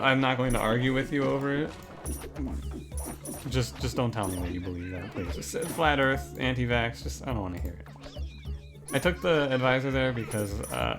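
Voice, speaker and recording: A man giving casual gameplay commentary, rambling and joking as he often cuts himself off mid-sentence. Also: mid-range voice. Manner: rambling, jokey, self-interrupting. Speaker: gaming commentator. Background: background music.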